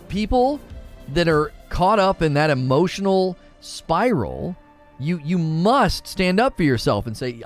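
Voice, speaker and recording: Over soft background music, a man hosts a live gaming talk show, delivering an animated rant full of emphatic opinions. His voice is a little high and his pace measured.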